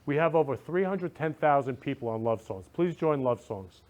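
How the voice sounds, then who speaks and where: A man's voice: mid-range voice, lively intonation, moderate pace, darkish tone, highs cut off. A man hosting a talk show, gushing and repeating himself, emotional, leading a spoken prayer.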